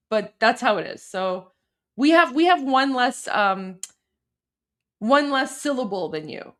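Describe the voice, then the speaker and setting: A woman from Iran talks casually through political news, reacting to clips and viewer comments as she goes. Her voice sits slightly high, with a chatty, animated, unscripted flow. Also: measured pace.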